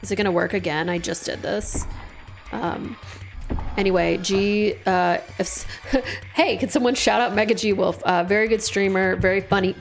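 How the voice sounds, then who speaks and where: Streamer, woman, casual joking commentary, mid pitch, soft music under. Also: fairly even intonation, moderate pace. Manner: chatty, joking, swaps swearing for "F word". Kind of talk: casual let's-play commentary.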